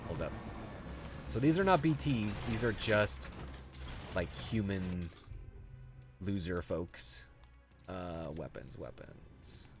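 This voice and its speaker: A man's voice: sits low, expressive, takes it slowly, long pauses, faint music behind. A man streaming a video game, chatting casually and answering his chat as he plays. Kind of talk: casual gameplay commentary.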